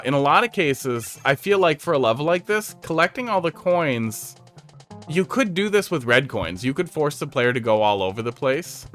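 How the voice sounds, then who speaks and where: A man's voice: medium pitch, a bit bright. A man giving casual, sarcastic commentary while reviewing viewer-made game levels on a stream, over faint game music. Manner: sarcastic, jokey, chatty.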